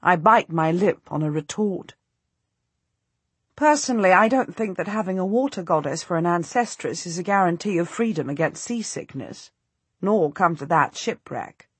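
A woman narrating a historical novel in the first person, with measured, expressive storytelling. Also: on the low side, slightly rough, no echo. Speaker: audiobook narrator.

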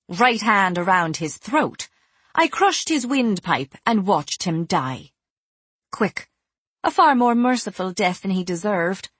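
A woman narrating a first-person audiobook in a cool, measured way, turning quietly menacing in dialogue. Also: mid-range voice, slightly rough, no echo.

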